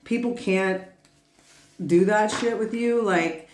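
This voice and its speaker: A woman's voice: medium pitch, takes it slowly, darkish tone, reverberant. Rambling, profane woman tarot reader. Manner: rambling, swearing, laughing asides. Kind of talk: casual tarot reading.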